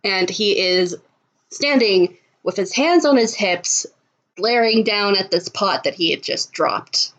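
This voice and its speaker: Slow-talking woman game master. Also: mid-range voice, lo-fi sound. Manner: slow, relaxed, laughs often. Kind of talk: narrating a tabletop game.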